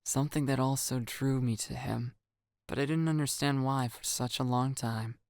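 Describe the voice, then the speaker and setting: A man narrating a first-person story in a calm, even storytelling manner. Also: medium pitch, normal speed, dry recording. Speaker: audiobook narrator.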